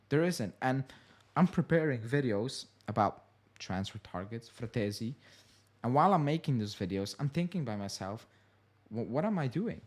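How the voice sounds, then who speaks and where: A man hosting a fan show, talking in casual commentary, frustrated and emphatic, repeating his points and leaning on "you know". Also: mid-range voice.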